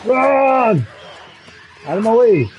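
High, lively man cursing at a game. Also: slow, muffled recording, noisy background. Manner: profane, yells and pleads at the game. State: frustrated. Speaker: gamer streamer. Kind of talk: live gameplay commentary.

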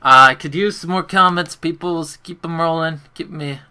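A man's voice: on the high side, moderate pace, sharp tone, smooth. A man chatting casually on a gaming livestream, rambling to himself as he plays and talking with a friend on a call. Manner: rambling, talks to himself while playing. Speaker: streamer.

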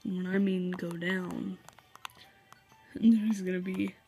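A young man casually commentating as he plays a game, chatty and reading the on-screen text aloud. His voice has a gravelly, mellow tone, with faint game music underneath. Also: sits high, little pitch movement, slow. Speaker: gaming video host. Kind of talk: let's play commentary.

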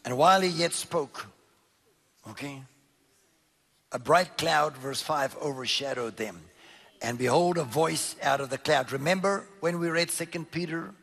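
A male preacher delivers a sermon in a somewhat high, gravelly voice. He reads scripture aloud and comments on it. He swings between loud, emphatic declarations and quiet, low asides. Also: a little slow.

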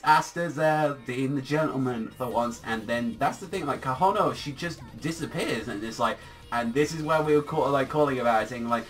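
A man's voice: mid-range voice, brisk, sharp tone, far from the mic. Rambling man reviewing a manga chapter. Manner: rambling, heavy on filler words, swears freely.

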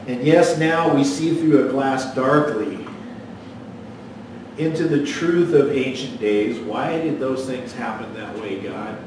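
A man's voice: mid-range voice, unhurried, very echoey, distant mic, background noise. A man preaching a sermon as pastor, folksy and storytelling, with a joke that he acts out in voices. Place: church sanctuary.

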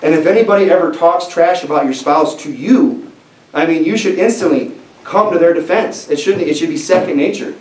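In a church sanctuary, a man preaches emphatically yet conversationally, often starting lines over. His voice is on the high side, a little fast, and darkish. A distant mic picks up the echoey room and a faint hiss.

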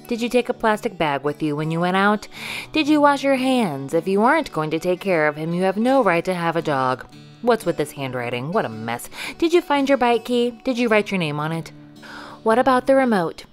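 A woman voicing a strict father who fires off brisk, nagging orders to his child. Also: medium pitch, lively intonation, soft background music, lightly acted. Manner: brisk rapid-fire commands.

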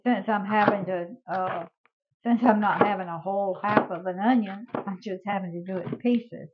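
A woman's voice: mid-range voice, moderate pace, very noisy. Older woman, cooking host, chatty, homey, lo-fi dull recording. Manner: chatty, homey, addresses viewers as y'all. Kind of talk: casual cooking demonstration.

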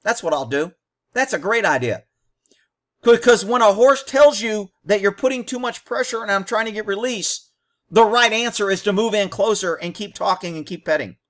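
A man's voice: sits high, lively intonation, moderate pace, a bit bright. A man hosting a commentary on a training video, talking bluntly and combatively in short, punchy explanations.

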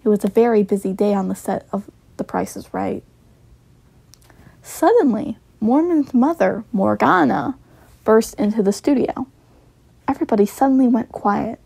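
A woman's voice: a little high, expressive, moderate pace, creaky, mellow, breathy edge, no echo. A woman casually reading her own story aloud, with giggly, chatty asides and slang.

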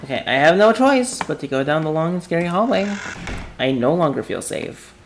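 A man commentating a horror game he is playing, jumpy and excitable, yelping and screaming at scares, his throat dry from yelling. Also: fairly high pitch, moderate pace, slight background noise. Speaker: gaming YouTuber. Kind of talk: horror let's play commentary.

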